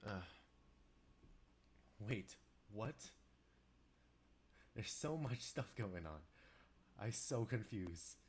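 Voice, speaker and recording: A man's voice: expressive, extremely slow, long pauses, a little hiss or hum. A man with a stuffy nose, chatting to viewers in a live stream as he composes, rambling and distracted. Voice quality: deepened, congested voice. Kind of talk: casual live-stream chat while working.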